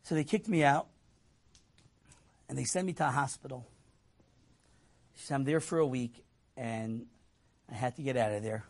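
An animated storyteller shares an inspirational tale with an audience, voicing the people he quotes and laughing. His voice is mid-range, his pace moderate, and he leaves long pauses.

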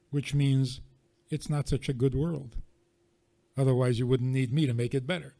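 A rabbi giving a teaching talk to an audience, leaning on rhetorical questions and wry everyday examples. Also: male voice, medium pitch, fairly even intonation, normal speed, creaky, pauses often, warm tone.

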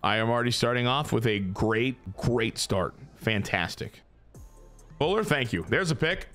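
A man's voice: medium pitch, expressive, moderate pace, fairly bright tone, soft background music. A young man giving casual, self-mocking commentary while playing a football video game, swearing often. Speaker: gaming YouTuber.

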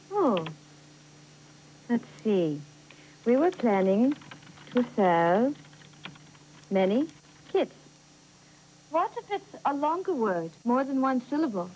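A woman's voice: a little high, a little mellow, a little hiss or hum, full character voice, low-quality recording. An actress playing an earnest adult woman learning spelling, in a scripted educational TV lesson.

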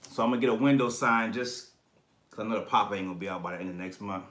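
The host of a collectibles channel talks fast in a lowish voice with a fairly bright tone. Reading viewer comments during a casual livestream, he's slangy and profane and laughs frequently.

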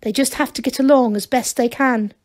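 A sorrowful young gnome from a storybook, read by a woman speaks slowly and mournfully. The voice is a little high and heavy with gloom. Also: steady tone, close to an everyday voice. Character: sad young male gnome Angelo.

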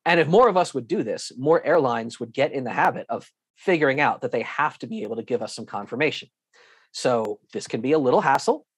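A man giving an online lesson with slides, talking in a lively, emphatic way, acting out airline staff and repeating himself for emphasis. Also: mid-range voice, brisk, slightly rough, dry recording, studio quality. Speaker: guest instructor.

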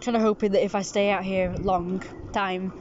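A woman's voice: steady tone, normal speed. British woman, casual vlog narration, outdoors, lo-fi phone mic with faint background noise. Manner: coos in a high sing-song voice to a cat. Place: outdoors on a scooter.

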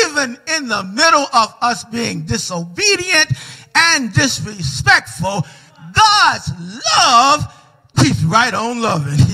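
A man preaching a sermon in a church sanctuary, emphatic, calling for responses and rising to shouts. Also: extremely high pitch, husky. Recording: reverberant church hall.

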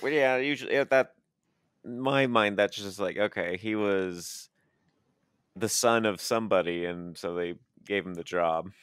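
A man's voice: lowish voice, unhurried, a bit bright, smooth, no echo, studio quality. A man co-hosting a podcast who talks matter-of-factly about a movie and retells its scenes. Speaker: podcast co-host. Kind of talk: casual movie-discussion chat.

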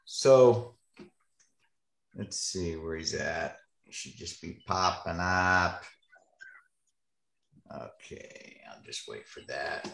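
A man's voice: sits low, expressive, extremely slow, gravelly, pauses often, fairly bright tone, reverberant. A man hosting a Bible study on a video call, casual and joking. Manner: joking, laid-back, chatty. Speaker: host of men's Bible study. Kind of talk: casual chat.

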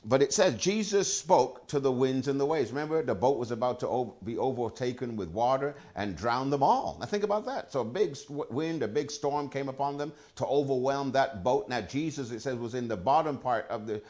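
A man's voice: medium pitch, fairly quick, few pauses. Emphatic preaching man. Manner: emphatic, repetitive, animated preaching with Scripture references. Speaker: pastor. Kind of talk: sermon.

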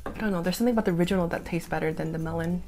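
A woman's voice: on the low side, rapid-fire, darkish tone, soft background music. A young woman in her twenties chatting casually through a taste-test vlog, thinking aloud with fillers. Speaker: food vlogger.

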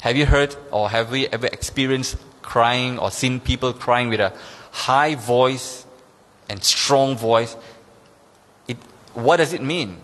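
A man preaching a sermon as pastor, emphatic and repetitive, pushing his pitch up on key points. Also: slow pace, a bit bright. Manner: emphatic, repeats key phrases, rises in pitch when stressing points. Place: church sanctuary. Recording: long hall reverb.

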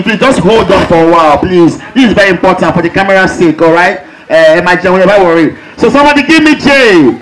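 A man acting as master of ceremonies at a birthday party, coaxing guests through call-and-response cues and photo calls. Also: extremely high pitch. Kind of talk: party MC announcements. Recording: echoey party hall with music and crowd.

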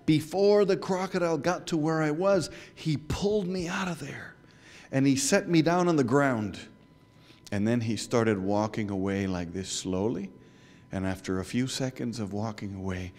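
A man telling a story to children in church, animated, asking the listeners questions and dropping to whispers. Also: medium pitch, normal speed. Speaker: guest speaker.

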